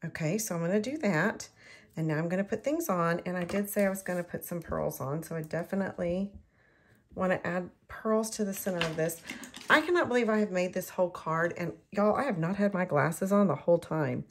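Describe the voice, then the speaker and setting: Lady doing a card tutorial, bit low and raspy, chatty and excitable. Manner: chatty, talks to herself while working, excitable. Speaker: card-making demonstrator. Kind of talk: casual crafting tutorial.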